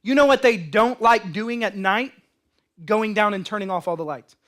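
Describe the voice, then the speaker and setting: A man preaching a sermon as a pastor, impassioned and storytelling, swinging between loud declarations and hushed lines. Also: high-pitched, moderate pace. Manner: storytelling with acted quotes.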